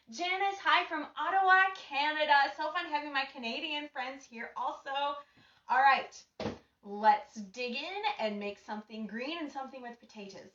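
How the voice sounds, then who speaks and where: A bubbly woman hosts a live cooking show from her home kitchen, her high voice bright and cheerful. She is picked up from a distance in an echoey room, and the sound is a little dull. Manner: bubbly and gushing, greets viewers by name.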